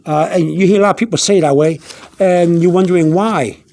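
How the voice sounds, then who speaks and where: Guy with a high voice doing a casual vocab lesson, lots of ums and restarts, slows down to spell words out. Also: darkish tone. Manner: halting, repeats himself, many fillers; searches aloud through his notes. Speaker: language teacher. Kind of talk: unscripted video lesson.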